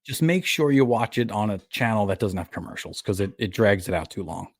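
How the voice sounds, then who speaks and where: A man with a lowish voice co-hosts a casual movie podcast, retelling film scenes with lively, amused energy. The sound is dry and close, with no room around him. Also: brisk, no echo. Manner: animated storyteller, laughs at his own retellings. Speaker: podcast co-host. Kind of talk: casual film review chat.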